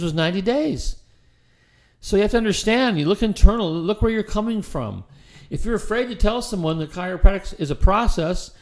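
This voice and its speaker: Middle-aged guy coaching chiropractors, kinda high voice for a man, chatty, stumbles and repeats himself. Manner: conversational, repeats words and restarts, acts out quoted dialogue. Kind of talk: casual instructional talk.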